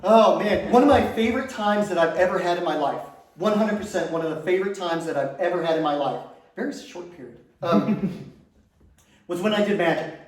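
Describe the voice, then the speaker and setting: A man's voice: sits high, a little fast. A man doing a stand-up comedy set, telling stories with crude punchlines and chuckling at his own jokes. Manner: storytelling with self-amused laughs and crude punchlines. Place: comedy stage before a laughing audience. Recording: echoey club room, voice from far off.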